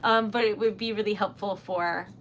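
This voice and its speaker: With a medium pitch, a steady tone and a normal speed, a young woman from Rhode Island talks through a crafting live stream amid slight background noise. She owns a small business, and her relaxed chatter is giggly and emotional, peppered with fillers.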